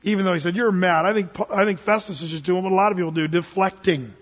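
Preaching an expository sermon, this male pastor sounds husky and pitched high for a man, talking quickly. He blends everyday, homespun talk with dramatic readings from scripture, captured on a dull lo-fi recording with lengthy reverb from the hall.

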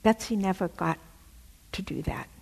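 A woman's voice: fairly low pitch, animated, normal speed, gravelly, a little mellow, slightly rough, long reverb tail. A woman telling a story in a sermon, dramatic, often dropping to a near whisper. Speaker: preacher.

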